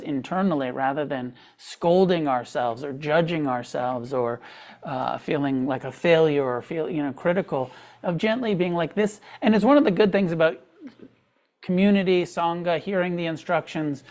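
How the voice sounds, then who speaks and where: A man teaching meditation to a live group, talking loosely with fillers and restarts, often trailing off quietly. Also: a little high, normal speed. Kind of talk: dharma talk to a live group. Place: meditation hall with a live audience.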